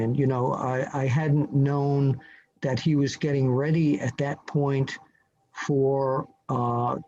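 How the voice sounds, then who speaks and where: An older man, a journalist appearing as a podcast guest, telling a story from memory in a halting way, full of fillers and restarts. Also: mid-range voice, dark tone. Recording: slightly dull lo-fi audio with faint hiss.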